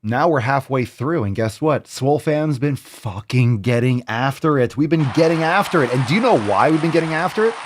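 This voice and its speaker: Lively, profane fitness host man. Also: medium pitch, brisk, hardly any pauses. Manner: profane, joking, animated. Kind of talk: casual vlog monologue.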